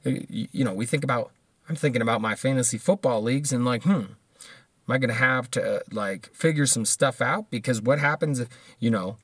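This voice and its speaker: A man's voice: medium pitch, a little fast, a bit bright, dry recording, studio quality. A man, ranting casually and profanely in a monologue, laughing often between points.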